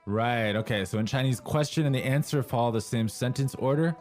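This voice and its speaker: A man's voice: mid-range voice, moderate pace, darkish tone, soft background music. Casual man guiding a language lesson. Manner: casual, asks guiding questions. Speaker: lesson co-host.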